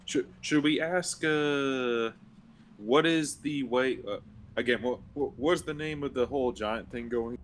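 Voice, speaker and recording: A man's voice: medium pitch, measured pace, a little hiss or hum. A man playing a tabletop game over an online call, hesitant, stammering and repeating words. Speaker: player. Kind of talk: casual tabletop game chat. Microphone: own microphone over an online call.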